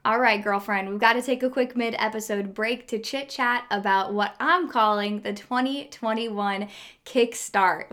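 A woman's voice: on the high side, a bit bright. A woman hosting a fitness podcast, talking upbeat and enthusiastic straight to her listeners. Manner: upbeat, enthusiastic, direct address. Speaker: podcast host. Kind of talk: podcast interview and ad read.

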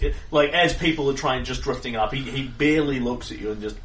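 A man narrating a tabletop game as game master, relaxed with frequent fillers. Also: medium pitch, brisk, few pauses, background noise. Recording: echoey room, far from mic.

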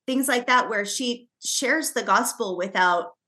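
A chatty woman co-host with a bright, forward voice, telling stories in a loose, rambling way. Her talk runs on, full of "um"s and restarts. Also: on the high side, measured pace. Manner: chatty storyteller, frequent fillers and restarts. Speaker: podcast co-host. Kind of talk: casual chat.

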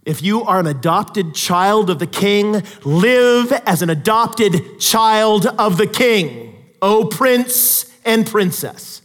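A man with a high voice preaching a sermon in a church hall. He drops to quiet, conversational asides, then climbs to loud, emphatic peaks. A long reverb trails his words. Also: animated, slow pace, hardly any pauses. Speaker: pastor.

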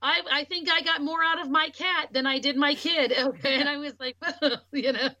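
A woman speaks in a bright, clear voice in casual podcast conversation. She tells her own story in an animated way and acts out the people she quotes. The sound is close and dry. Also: high voice, brisk, dry recording. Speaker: podcast talker.

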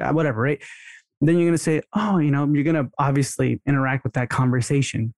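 A man talks through a marketing lesson in loose, chatty podcast style, now and then acting out both sides of a dialogue. His voice sits at an ordinary middle pitch, recorded close and dry with no room sound. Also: fairly even intonation, fast, a little mellow, no echo. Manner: chatty, role-plays dialogue in a raised voice. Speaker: dental marketing coach. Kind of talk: casual instructional podcast talk.

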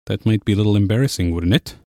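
Patient male language teacher, lowish voice. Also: rapid-fire, a little mellow, dry recording, studio quality. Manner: clear, patient explaining. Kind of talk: scripted lesson narration.

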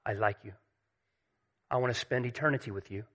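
A gentle, loving savior speaks low and soft, each line tender and unhurried, as a male preacher voices him. The tone stays bright despite the hush. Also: close to an everyday voice.

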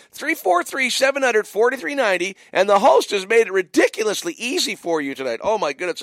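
A man's voice: very high voice, a bit bright, no room sound, clean studio sound. A man hosting a radio movie trivia call-in, teasing listeners and repeating the phone number. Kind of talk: casual radio call-in chat. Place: radio studio.

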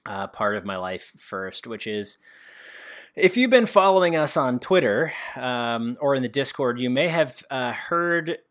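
A man's voice: medium pitch, very animated, unhurried, fairly bright tone. A man co-hosting a casual gaming podcast, joking, self-deprecating and laughing often. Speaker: podcast co-host. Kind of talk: casual chat.

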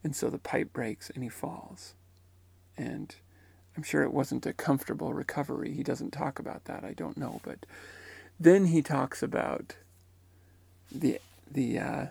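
A man's voice: medium pitch, a little slow, vocal fry, a little mellow, breathy edge, dry recording. A man retelling and reflecting on someone's near-death account in a musing, tentative way. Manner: musing and tentative, often unsure. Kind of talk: reflective spoken commentary.

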